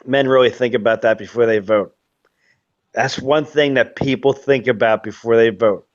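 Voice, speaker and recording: A man's voice: mid-range voice, normal speed, highs cut off. A man ranting in casual commentary as host of his own show, profane and rambling with lots of fillers. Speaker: host of a webcast.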